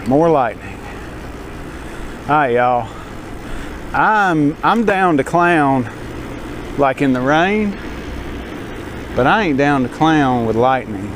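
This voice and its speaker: A Southern man huffs and puffs as he pedals his bike and chats to the camera in a slow, folksy drawl. His voice is at a middling pitch and comes through an action camera. Heavy traffic and road noise run under everything he says. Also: sing-song. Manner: folksy, self-deprecating, talks to viewers as y'all. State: out of breath. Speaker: vlogger. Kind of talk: casual vlog narration while cycling. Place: outdoors on a bicycle by the road.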